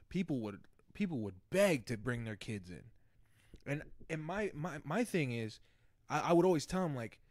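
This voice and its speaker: A man's voice: medium pitch, darkish tone, no echo, clean studio sound. A man co-hosting a podcast, telling stories in casual chat with lots of swearing and quoted dialogue. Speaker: podcast co-host; former casino security worker.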